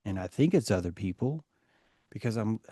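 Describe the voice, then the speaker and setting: A man hosting a podcast in heated casual chat, rambling and swearing, dropping to a mutter and then rising to a shout. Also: fairly low pitch, animated, normal speed, no echo, clean studio sound. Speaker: podcast host.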